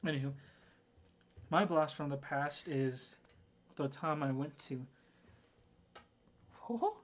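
A man's voice: fairly high pitch, slow pace. A young man co-hosting a casual podcast, rambling and laughing often. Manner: giggly, rambling. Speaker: podcast co-host. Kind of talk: casual chat.

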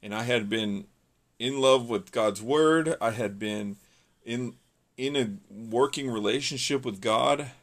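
A man's voice: mid-range voice, slow pace, a bit bright. A young man from California giving an earnest, rambling personal testimony, full of restarts and fillers.

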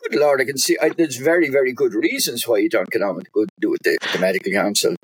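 A man with an Irish accent, a doctor talking as a guest in a casual chat, wry and teasing, with halting restarts. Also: medium pitch, breathy edge, no room sound. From Ireland.

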